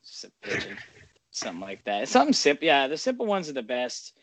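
A man's voice: mid-range voice, wildly swooping pitch, a little fast, fairly bright tone, a little hiss or hum. A man hosting a podcast in casual chat, rambling along, swearing freely and laughing often. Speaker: podcast host.

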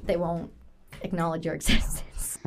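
A woman's voice: fairly low pitch, flat delivery, normal speed. A woman from Canada hosting a casual interview, chatty and rambling, with lots of fillers. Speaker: podcast host.

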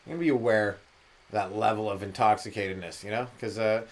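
A man's voice: on the low side, fairly even intonation, fast talker. A male comedian hosting a podcast, rambling through a loose, profane solo monologue and dropping into mocking voices for the people he quotes.

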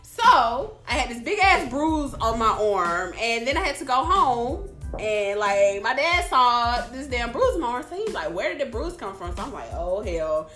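Animated, bright-voiced woman telling stories. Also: a little high, normal speed, few pauses, echoey room, faint music behind. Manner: candid, swears freely, animated storytelling. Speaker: podcast co-host. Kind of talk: casual chat.

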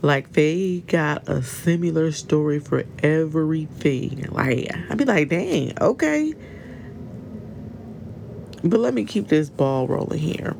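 A woman's voice: sits low, measured pace, gravelly, hardly any pauses, darkish tone, slight background noise. A woman hosting a casual solo podcast, chatting informally and talking straight to her listeners. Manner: chatty and informal, with many fillers and asides to listeners. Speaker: podcast host.

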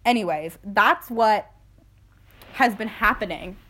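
A young adult woman co-hosting a podcast in casual chat, swearing freely and talking with lively energy. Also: mid-range voice, slow pace. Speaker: podcast co-host.

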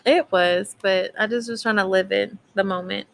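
A woman's voice: mid-range voice, steady tone, normal speed, vocal fry, a little hiss or hum. A woman, chatting candidly as a podcast co-host and telling stories with a laugh. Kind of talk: casual chat.

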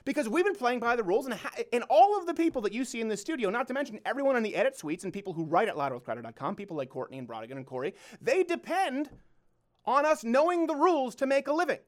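A man's voice: very high-pitched, big pitch swings, quick pace. A male host delivering an emphatic closing monologue rant, hammering home his points with repeated rhetorical questions.

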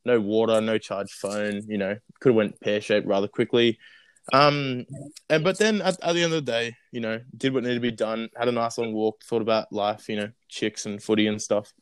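A young Australian man spins a rambling yarn in a relaxed guest spot. His voice sits low and comes through smooth and resonant. The sound is close and dry, with no room around it. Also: moderate pace, dry recording, low-quality recording. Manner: rambling, full of fillers and restarts. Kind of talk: casual storytelling.

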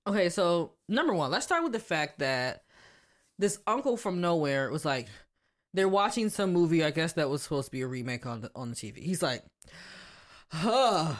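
Woman, podcast co-host, lively lilting delivery, lowish voice, laughs a lot. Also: fairly quick. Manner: animated, laughs often, speaks frankly. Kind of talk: casual chat.

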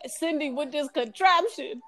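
A woman's voice: high voice, measured pace, crowd noise. A woman co-hosting a podcast, chatting casually while watching a movie, often laughing, blunt and profane. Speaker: podcast co-host.

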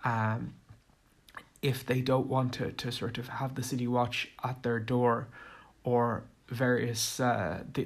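Creaky-voiced man, rambling and hesitant. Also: mid-range voice, flat delivery, takes it slowly. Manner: hesitant, many fillers and restarts. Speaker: tabletop game commentator. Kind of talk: rambling casual monologue.

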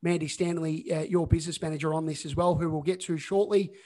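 A man's voice: on the high side, fairly even intonation, quick pace, mellow. A man hosting a casual video-call podcast, chatty and full of fillers. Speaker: podcast host.

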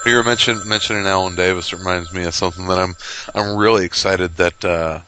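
A man talking about comics in casual podcast chat, halting, with many restarts. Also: low-pitched, fairly even intonation, background noise. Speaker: podcast co-host.

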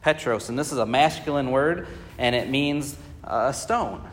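A man's voice: medium pitch, normal speed, slight background noise. Man teaching a Bible class in an echoing hall. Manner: conversational, asks the class questions, many fillers. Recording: reverberant hall.

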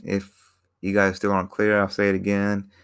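A man's voice: lowish voice, completely flat delivery, normal speed, clear, resonant tone. A man casually recapping a film in a rambling way, repeating himself and using lots of fillers. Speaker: film reviewer.

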